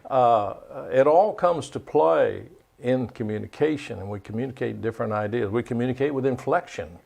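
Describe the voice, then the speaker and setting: A man's voice: medium pitch, moderate pace, vocal fry, darkish tone. A man, a guest on a studio talk show, explaining things emphatically and repeating his key points. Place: recording studio.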